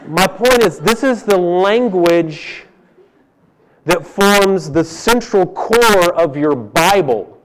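Give me a pastor mid-sermon, a man with a raised-pitch voice and urgent emphasis. His delivery rises and falls sharply in volume. He leans into the words when he wants them to land. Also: lively intonation, slow. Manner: emphatic, swings from loud urging to hushed.

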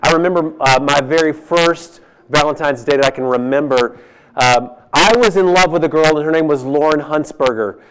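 A man in his thirties preaching, telling a funny personal story that swings between loud and hushed delivery. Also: a little high, normal speed, smooth. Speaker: pastor. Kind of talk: sermon. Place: church hall.

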